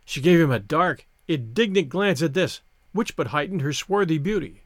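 A man narrating a historical story as a scripted audiobook, measured and expressive. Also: on the high side, no room sound, clean studio sound.

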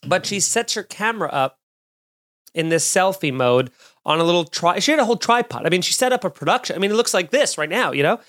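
A man in his thirties hosting a podcast alone, doing a sarcastic comedic monologue with loud bursts and muttered asides. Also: high voice, expressive, fast. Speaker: podcast host. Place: home studio, recording alone.

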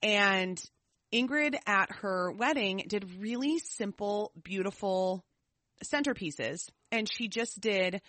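A woman co-hosting a podcast, telling stories in a lively, casual way. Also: mid-range voice, takes it slowly, no room sound. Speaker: podcast co-host. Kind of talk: casual chat.

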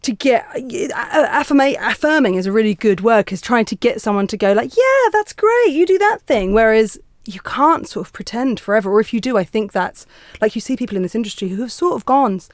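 A woman in her late thirties hosting a podcast, reflective and animated, sometimes imitating other voices. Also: fairly high pitch, fairly quick, dry recording, clean studio sound. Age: 30s. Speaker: podcast host. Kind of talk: casual interview chat.

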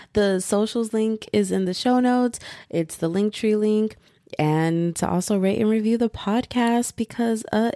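A woman's voice: mid-range voice, dark tone, no room sound, clean studio sound. A young woman hosting a podcast from home, talking in a chatty, rambling way full of fillers and asides. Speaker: podcast host. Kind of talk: casual podcast monologue.

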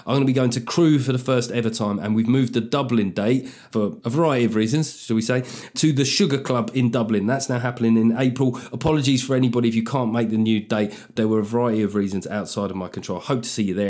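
Man, comedy podcast host, sardonic monologue, sweary, mid-pitched voice. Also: a little mellow. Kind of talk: comic monologue.

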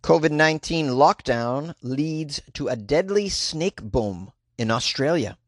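A man's voice: on the high side, expressive, measured pace, background noise. A man reading news stories aloud and cracking sarcastic jokes about them. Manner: sarcastic, wisecracking, laughs at own jokes. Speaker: comedic news commentator. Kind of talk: reading news with joking commentary.

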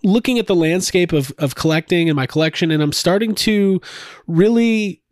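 A man's voice: high-pitched, moderate pace, a little mellow, no echo, clean studio sound. A man hosting a casual podcast chat, rambling with frequent restarts and laughs. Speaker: podcast host.

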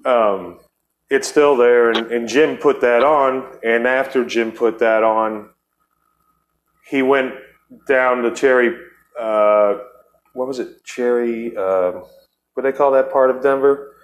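A man's voice: mid-range voice, steady tone, takes it slowly. A middle-aged man hosting a podcast, telling a long story in a loose, profane, rambling way and acting out the people he quotes. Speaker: podcast host. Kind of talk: casual storytelling chat.

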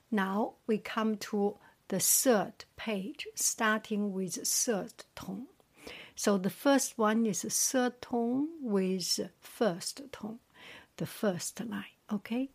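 A woman teaching Mandarin tones in a slow lesson, repeating each word softly, often in a whisper, and then giving its English meaning. She is patient and deliberate. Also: medium pitch, breathy edge. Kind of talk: slow tone-drill lesson, reading word pairs.

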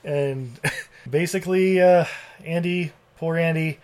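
Brief: podcast co-host with a mid-pitched voice, a loose profane movie recap full of laughs. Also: normal speed, a little mellow. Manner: profane, rambling, laughs often, mimics characters. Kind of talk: casual movie recap chat.

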